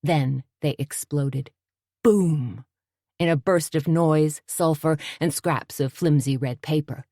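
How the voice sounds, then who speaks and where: A woman narrating an audiobook in a steady, measured storytelling voice. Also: low voice, no room sound, studio quality.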